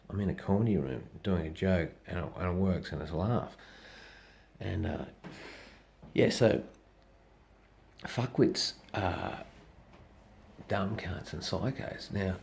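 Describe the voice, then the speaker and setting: A middle-aged man rants bluntly to camera, swearing at every turn and wandering from point to point. His voice sits very low and is rough with vocal fry. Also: a little mellow. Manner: swears constantly, rambling and blunt. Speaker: comedian vlogger. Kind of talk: profane casual rant.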